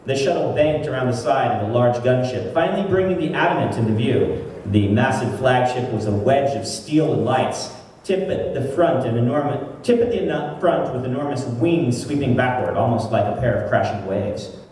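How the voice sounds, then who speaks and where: A man's voice: medium pitch, normal speed, darkish tone. A man, an author, chatting casually with many fillers at a convention session and then reading his fiction aloud. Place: convention hall. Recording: distant echoey hall, faint noise.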